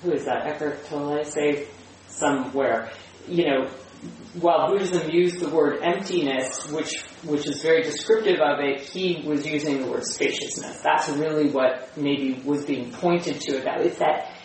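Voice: medium pitch, a little mellow. A speaker sharing personal reflections in a spiritual group discussion, searching for words and often restarting. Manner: searching, halting, with many restarts. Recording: echoey room, distant mic, faint hum.

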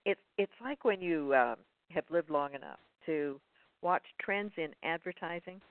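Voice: mid-range voice, measured pace, clear, resonant tone, no echo. A speaker in a casual reflective conversation who stumbles and restarts often. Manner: hesitant, stumbling over words. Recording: tinny phone line.

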